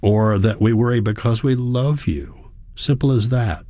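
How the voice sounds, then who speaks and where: A man's voice: medium pitch, measured pace, mellow, dry recording, voice pushed up, natural voice. A man voicing a worried young granddaughter. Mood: firm. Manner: earnest, pleading. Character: worried young woman, university student granddaughter.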